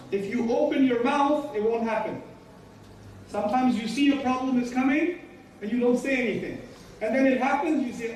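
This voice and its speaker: Male religious teacher, high-pitched and emphatic, repeats key lines; distant mic, heavy room echo. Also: darkish tone. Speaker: Islamic teacher. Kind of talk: religious lecture. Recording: echoey room, distant mic, faint noise.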